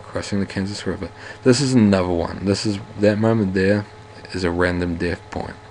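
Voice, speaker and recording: A man's voice: sits low, normal speed, a little mellow, a little hiss or hum, rough recording. A man playing a game and reading its narration aloud, stumbling over words now and then and adding casual asides in an odd put-on reading accent. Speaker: let's play host.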